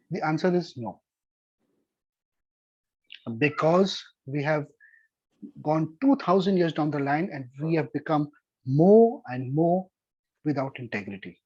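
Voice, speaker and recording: A man's voice: fairly high pitch, lively intonation, slow pace, pauses often, a little mellow, breathy edge, dry recording. A middle-aged man giving an earnest scripture lesson as a Torah teacher, repeating key words for emphasis. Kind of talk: devotional Bible teaching. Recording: dull lo-fi recording.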